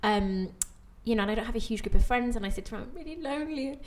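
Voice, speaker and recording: A young adult woman hosting a podcast, pregnant, talking candidly and thinking out loud about her worries. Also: medium pitch, fairly even intonation, very fast. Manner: candid, reflective, talks through her worries. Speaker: podcast host. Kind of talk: open conversational interview.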